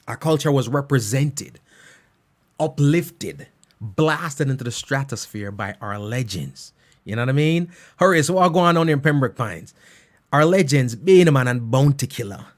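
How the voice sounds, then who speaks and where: A man hosting an online music show, chatting casually and keeps asking "you know what I mean". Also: medium pitch. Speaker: online radio show host. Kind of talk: casual chat.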